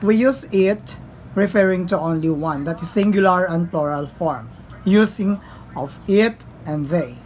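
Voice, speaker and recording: Slow, deliberate woman teacher. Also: on the low side, a little mellow, rough recording. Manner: slow, deliberate, addresses class often. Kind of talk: grammar lesson for young learners.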